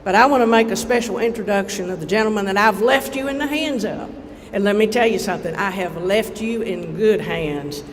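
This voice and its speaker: Folksy high-voiced Kentucky lawmaker. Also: male voice, brisk. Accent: Eastern Kentucky. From Eastern Kentucky. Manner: folksy, heartfelt, rising to rallying cries. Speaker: state legislator. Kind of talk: public dedication speech. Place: outdoor ceremony on a platform before a crowd. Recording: reverberant PA with crowd and background noise.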